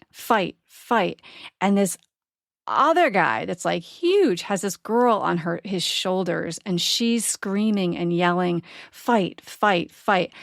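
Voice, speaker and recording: A woman's voice: lowish voice, vocal fry, no echo, clean studio sound. A middle-aged woman hosting a podcast, telling a personal story earnestly and reflectively, often checking in with "right?". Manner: earnest, reflective, frequent "right?" asides and laughs. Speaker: podcast host.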